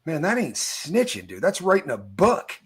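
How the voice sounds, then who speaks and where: Man, middle-aged, fairly high voice, slangy storyteller, laughs mid-sentence. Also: wildly swooping pitch, normal speed, breathy edge. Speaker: podcast host. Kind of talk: casual storytelling chat.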